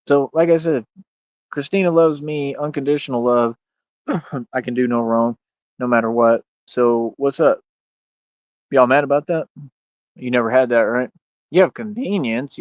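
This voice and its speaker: A man's voice: medium pitch, dry recording, dull audio. A man, a streamer ranting in a boastful, taunting way and often asking "right?". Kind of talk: ranting monologue.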